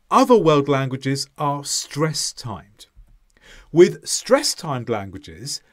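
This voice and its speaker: Male English teacher, scripted lesson read slowly and carefully, a lively rising and falling voice. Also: on the high side. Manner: slow, deliberate, clearly stressed delivery with modelled example sentences.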